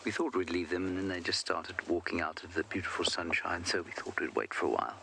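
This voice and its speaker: A man's voice: deep voice, quick pace, creaky, noisy background. A man working as a safari guide, chatting playfully and answering viewers' questions on a live wildlife broadcast from outdoors in the bush. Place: outdoors on a game drive in the bush.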